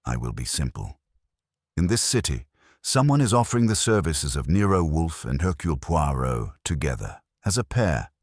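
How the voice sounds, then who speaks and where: A man putting on a smooth-accented, courteous detective. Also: a bass voice, big pitch swings, normal speed, no room sound, clean studio sound, heavily acted. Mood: grave. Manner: formal, courteous. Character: fastidious polite foreign male detective.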